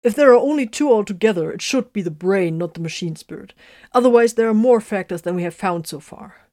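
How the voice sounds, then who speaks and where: A woman voicing a calm male warrior leader who explains his reasoning. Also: mid-range voice, no echo, studio quality, lightly acted. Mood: explaining. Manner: explaining, measured.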